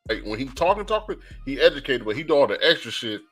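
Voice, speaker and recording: A man's voice: medium pitch, sing-song, fast talker, fairly bright tone, soft background music. A man with a Southern accent hosting a casual podcast, talking emphatically in slang and swearing freely.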